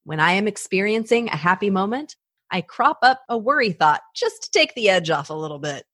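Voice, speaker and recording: A woman's voice: medium pitch, lively intonation, a little fast, a bit bright, no room sound, studio quality. A woman hosting a personal podcast, talking animatedly and acting out her own anxious inner thoughts. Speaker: podcast host.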